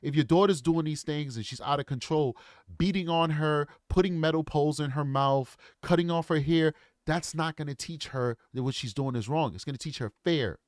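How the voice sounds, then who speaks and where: A man's voice: fairly high pitch, moderate pace, no echo, clean studio sound. A man in his forties giving casual, earnest commentary, lecturing and often repeating his points. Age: 40s. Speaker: true crime commentator.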